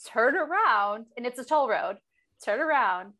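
A woman's voice: fairly high pitch, unhurried. Chatty woman co-host telling stories. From Buffalo area. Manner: chatty, animated. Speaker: podcast co-host. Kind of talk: casual storytelling.

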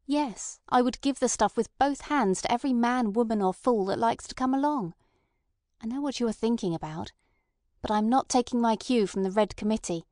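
A woman's voice: on the high side, moderate pace, darkish tone, dry recording, studio quality, natural voice. A woman voicing a small, detached man who talks with lofty scorn and no feeling. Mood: scornful. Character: cold scornful small male bomb-maker.

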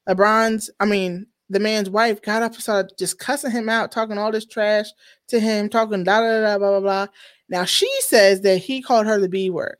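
A woman hosting a casual commentary chat, animated, slangy and opinionated. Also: mid-range voice. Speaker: show host.

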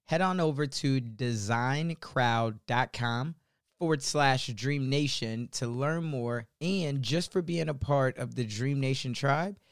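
A man's voice: medium pitch, no echo, clean studio sound. A man hosting a podcast, reading an ad and asking questions in a casual, conversational way. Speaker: podcast host. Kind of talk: podcast interview and read ad.

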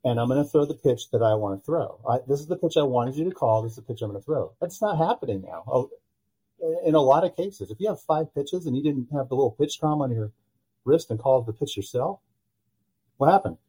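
A man's voice: medium pitch, brisk, husky, low-quality recording. A man talking as a guest on a podcast in casual conversation, telling stories and acting out the people he quotes. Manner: animated storyteller who acts out quoted dialogue. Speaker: podcast guest, pitching analytics company founder.

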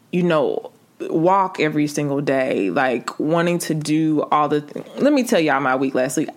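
A young woman hosting a faith podcast, talking casually and candidly to her listeners, calling them sis and y'all. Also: deep voice. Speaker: podcast host.

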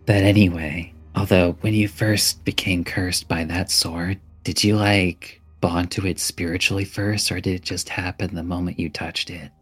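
A man playing a tabletop game, talking in a slow, thoughtful, plotting way. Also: low-pitched, fairly even intonation, a bit bright, slightly rough. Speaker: tabletop player.

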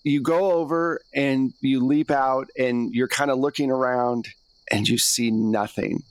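A man who is the game master, narrating a tabletop role-playing game in a measured storytelling manner. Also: mid-range voice, steady tone, smooth, dry recording.

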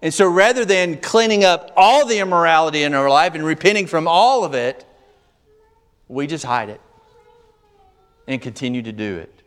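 A man's voice: a little high, animated, moderate pace, long pauses, a bit bright, clean tone. A man preaching a sermon as pastor, emphatic, reading scripture verses aloud and explaining them. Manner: emphatic, rising and falling in volume.

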